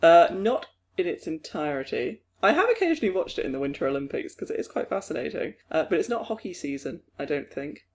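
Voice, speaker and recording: Lively young British man, higher voice. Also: brisk, hardly any pauses. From Britain. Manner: lively, laughing, mimics others in high voices. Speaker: podcast co-host. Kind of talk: casual chat.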